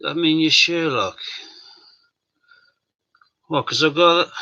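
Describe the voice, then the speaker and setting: A man's voice: fairly high pitch, sharp tone. A man hosting a live stream from home, chatting jokily with viewers and his dog. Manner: chatty, jokey, talks to his dog and chat. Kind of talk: casual chat with live chat viewers. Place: home room. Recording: dull lo-fi stream audio.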